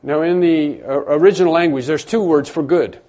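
A man's voice: fairly high pitch, a little fast, warm tone. A middle-aged man preaching a sermon, explaining a passage earnestly and often repeating words for emphasis. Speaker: pastor.

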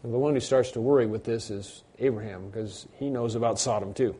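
Man preacher, mid-range pitch, warm dark timbre, mixes scripture reading with loose commentary. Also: steady tone, brisk, breathy edge. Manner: reads scripture aloud, then comments with fillers and restarts.

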